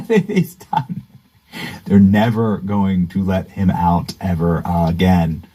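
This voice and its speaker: A man's voice: low voice, animated, slow pace, dark tone, low-quality recording. A man hosting political commentary, sarcastic and mocking. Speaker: commentary host.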